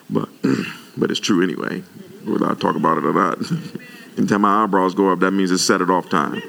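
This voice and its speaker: A male pastor delivering an animated sermon, his pitch jumping up when he gets worked up. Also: brisk, vocal fry.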